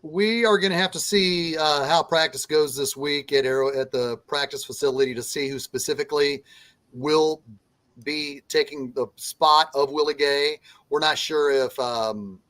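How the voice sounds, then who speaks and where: Male podcast co-host, fairly high voice, dry close sound, earnest sports talk. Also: a bit bright, dry recording. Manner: earnest, measured analysis with fillers. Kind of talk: casual sports chat.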